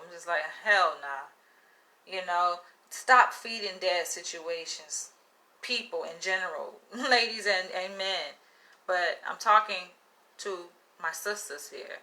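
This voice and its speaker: A young woman giving a blunt, profane, animated monologue to camera, laughing often as she talks. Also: mid-range voice. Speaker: vlogger.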